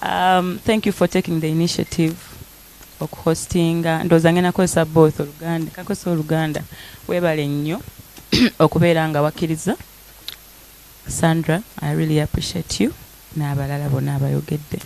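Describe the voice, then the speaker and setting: A young Ugandan woman speaking emotionally at a press conference, softly switching between English and Luganda and laughing often. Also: deep voice, level tone, a little fast, gravelly. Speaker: singer thanking guests.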